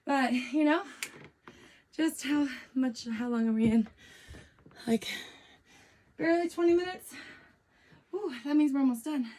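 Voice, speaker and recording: A woman with a high voice coaches a workout while doing it herself. She counts reps aloud between panting breaths and keeps things upbeat with little jokes. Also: unhurried, pauses often, a little mellow. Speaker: fitness coach. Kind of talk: workout instruction while exercising.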